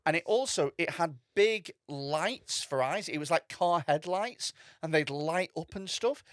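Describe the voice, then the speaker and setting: A man hosting a comedy podcast, telling stories in a lively way, with restarts and laughter. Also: fairly high pitch, dry recording, studio quality. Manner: animated storytelling with quick restarts and laughter. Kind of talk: casual chat.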